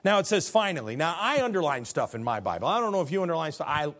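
An older man preaching a sermon, rising to loud high peaks and dropping low and quiet, often restarting phrases and asking his listeners questions. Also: big pitch swings, fast talker. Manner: stumbling restarts, asks the congregation questions. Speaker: pastor.

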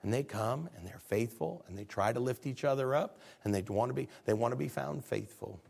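Gravelly storytelling preacher man. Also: medium pitch, brisk, darkish tone. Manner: storytelling preacher, rising to fervent peaks. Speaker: pastor. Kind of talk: sermon.

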